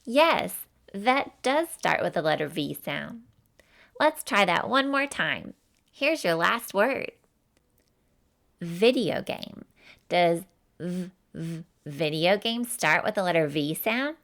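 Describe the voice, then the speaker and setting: A woman's voice: medium pitch, very animated, slow pace, creaky, a bit bright, exaggerated voice. A woman voicing a cheerful, folksy teacher, giving an encouraging, sing-song phonics lesson for children.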